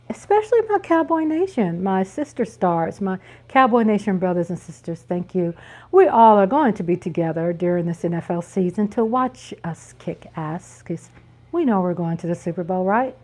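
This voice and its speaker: A middle-aged Texan woman hosts a casual live chat, talking folksy and chatty straight to her viewers in a Texan accent. Her medium-pitched voice is expressive and darkish, at a moderate pace.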